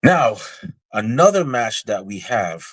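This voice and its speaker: Lower-voiced man chatting wrestling picks. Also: slow, no room sound, rough recording. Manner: animated, chatty, many restarts. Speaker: podcast host. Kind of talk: casual wrestling predictions chat.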